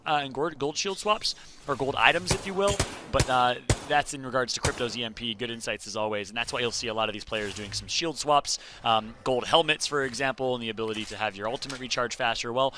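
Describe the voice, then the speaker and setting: A man casting an esports battle royale tournament, energetic play-by-play that rises to loud calls at big plays. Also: mid-range voice, a little hiss or hum. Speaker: esports caster.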